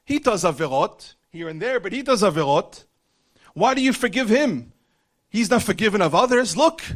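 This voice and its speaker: A man's voice: sits high, animated, normal speed, a bit bright. A man voicing an accusing male demon who urgently complains to God about a sinner, told within a religious class.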